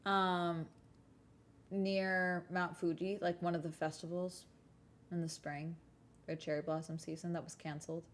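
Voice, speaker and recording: Blunt young woman streamer chatting. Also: fairly low pitch. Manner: blunt, swears freely, laughs often. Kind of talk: casual livestream chat. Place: home.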